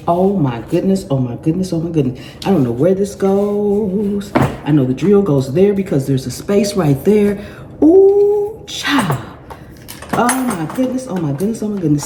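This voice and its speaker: In an echoey, clattering room with background noise, a middle-aged gardening channel host unboxes something with excitement in a lowish voice. She laughs, exclaims, repeats phrases, and addresses her viewers as y'all throughout the vlog.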